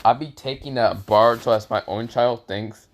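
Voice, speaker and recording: A man voicing a cool, aloof adult male ninja rival who speaks in a dry, deadpan way. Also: medium pitch, moderate pace, close to an everyday voice.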